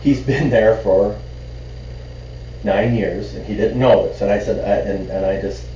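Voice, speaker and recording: A man with a low voice tells a rambling story in casual podcast chat, stumbling over restarts and perking up when amused. He sits a little away from the mic in an echoey room. The sound is dull, with faint hiss underneath. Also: fairly even intonation, measured pace, dark tone, recorded from a distance. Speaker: podcast co-host.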